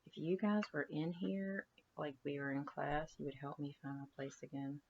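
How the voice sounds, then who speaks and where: A woman's voice: deep voice, steady tone, moderate pace, muffled recording, slight background noise. A woman teacher reading a novel aloud to her class in a conversational way, stopping to ask her students questions. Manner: conversational, asks students questions between passages.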